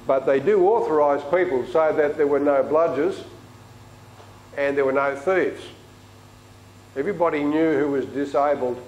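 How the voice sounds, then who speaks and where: A man's voice: mid-range voice, a little mellow, reverberant, slight background noise, low-quality recording. A man preaching a sermon in a chatty, storytelling way in a church.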